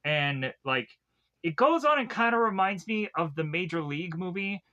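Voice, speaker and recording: A man's voice: high-pitched, lively intonation, normal speed, bright, forceful tone, highs cut off. A young adult man recapping a movie in a casual, rambling way full of fillers. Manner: rambling, filler-heavy retelling. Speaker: film reviewer.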